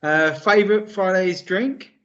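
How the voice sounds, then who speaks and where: Eager higher-voiced male interviewer. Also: moderate pace, a bit bright. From United Kingdom. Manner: enthusiastic, laughs a lot, filler-heavy questions. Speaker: interviewer, host. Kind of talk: casual interview. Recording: dull lo-fi audio.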